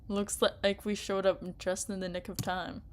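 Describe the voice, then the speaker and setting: A woman's voice: mid-range voice, level tone, moderate pace, darkish tone, natural voice. A woman reading the lines of a cocky male rescuer who teases an old rival. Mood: smug.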